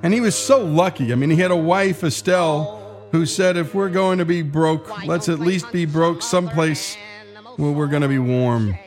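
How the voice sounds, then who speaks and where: Radio host teasing the next segment. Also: male voice, on the high side, moderate pace, over music. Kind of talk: radio show outro.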